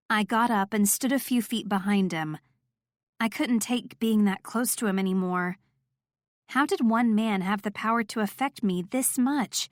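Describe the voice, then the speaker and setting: A woman narrating a first-person romance audiobook in a steady, clear storytelling voice. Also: mid-range voice, dry recording, studio quality.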